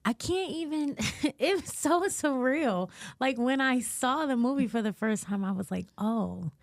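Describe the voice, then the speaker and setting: A woman speaking as a guest actress in a casual interview, animated, laughing often, her pitch leaping up when she gets excited. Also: moderate pace, no room sound, clean studio sound.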